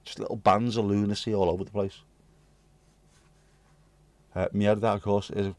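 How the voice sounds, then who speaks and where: This UK host speaks British English at a normal pace with a fairly low, level and slightly mellow voice, free of room sound. He casually chats to his livestream readers, rambling cheekily through messages with jokes and swear words.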